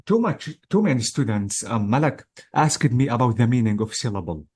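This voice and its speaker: A hesitant English test-prep teacher explains an exam practice lesson patiently, step by step, with many pauses and check-ins. His medium-pitched voice swings widely in pitch, is a little mellow and husky, and moves at a normal speed.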